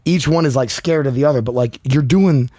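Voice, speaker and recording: A man talks with restless high energy and drives his points home with swearing. His voice sits in a middle pitch and sounds close and dry, with no room around it. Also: fairly quick, mellow, no echo. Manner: high-energy, profane, emphatic. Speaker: comedian guest. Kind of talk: casual podcast chat.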